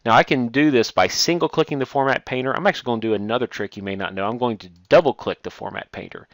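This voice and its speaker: A man teaching a screen-recorded software tutorial, walking through steps one at a time with frequent "uh" fillers. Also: medium pitch, no room sound. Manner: steady step-by-step explaining with frequent "uh" fillers. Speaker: instructor.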